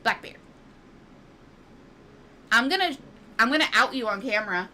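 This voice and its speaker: A woman's voice: on the high side, expressive, moderate pace, bright, forceful tone, a little hiss or hum. A woman gaming at home, chatting casually to viewers and cooing and scolding her cats in a playful sing-song. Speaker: gaming streamer. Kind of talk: casual chat while modding a game.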